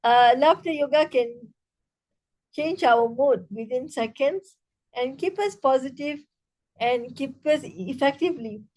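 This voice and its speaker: A woman teaching a laughter yoga session over a video call, speaking haltingly with many restarts and leading rhythmic bursts of laughter. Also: high-pitched, a little mellow. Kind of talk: online interactive workshop talk.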